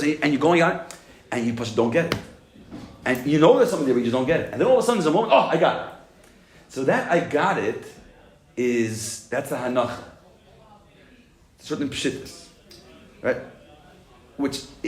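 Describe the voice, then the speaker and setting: Male Torah teacher, mid-range voice, lively lecturing, roomy echo. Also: medium pitch. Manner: animated, acts out "I got it" moments, asks and answers himself. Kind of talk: Chassidus class lecture.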